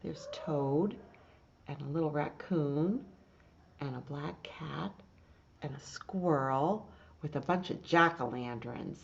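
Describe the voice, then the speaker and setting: A woman's voice: sits low, slow pace, vocal fry. A woman leading a children's storytime, reading a picture book and chanting rhymes in a playful, encouraging way. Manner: playful, sing-song, encouraging. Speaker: children's librarian. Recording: dull lo-fi recording.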